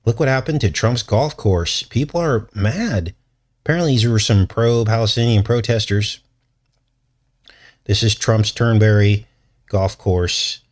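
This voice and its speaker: A man's voice: fairly low pitch, a little slow. A man hosting his own commentary show, talking in a rambling, joking way and chuckling between points. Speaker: channel host.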